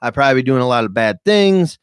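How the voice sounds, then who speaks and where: A man's voice: mid-range voice, very animated, fast, clear, resonant tone, no room sound. A man telling candid stories on a podcast, emotional and profane, speaking straight to his viewers. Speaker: podcast guest. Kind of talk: candid storytelling chat. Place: podcast studio with cameras.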